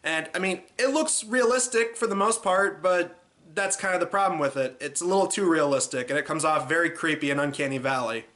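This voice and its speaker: A man's voice: fairly high pitch, fairly quick, sharp tone. A man hosting a comedic movie review in a casual, sarcastic way, with lots of "uh" and "like" fillers. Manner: sarcastic, loose, many fillers like "uh" and "like".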